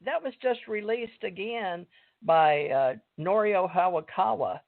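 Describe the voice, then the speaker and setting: A woman's voice: mid-range voice, animated, unhurried, gravelly, dry recording. A woman with a Southern mountain Kentucky accent, hosting a talk show in a chatty, folksy way, often cutting in. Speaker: show host. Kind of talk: casual talk show chat. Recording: dry tinny phone line.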